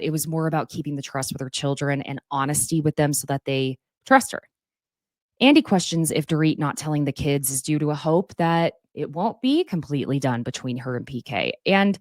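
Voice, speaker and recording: A woman in a casual, opinionated recap, talking in a chatty way with quick asides. Her voice sits a bit low but rises and falls a lot. The sound is dry, with no room echo. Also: darkish tone. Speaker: recap host.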